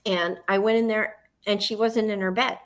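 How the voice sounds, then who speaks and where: A woman's voice: medium pitch, fairly even intonation, moderate pace. A woman with a Southern US accent, hosting a livestream and telling a long personal story, acting out her own panic in the quoted parts. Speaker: host.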